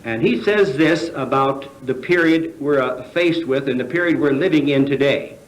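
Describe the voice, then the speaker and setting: An American convention speaker preaches a sermon at normal speed in a medium-pitched voice. He asks rhetorical questions and stumbles on filler words, his voice echoing through a large convention hall.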